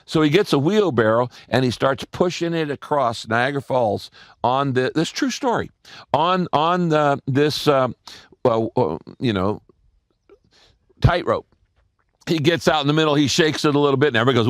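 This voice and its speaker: An older man, a pastor preaching a sermon, telling stories and repeating key lines slowly for emphasis. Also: medium pitch, lively intonation, no room sound, clean studio sound.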